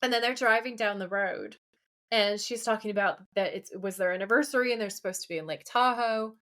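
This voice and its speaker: A woman co-hosting a podcast, casually recapping an episode in a chatty, animated way with frequent laughter. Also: mid-range voice, brisk. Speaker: podcast co-host.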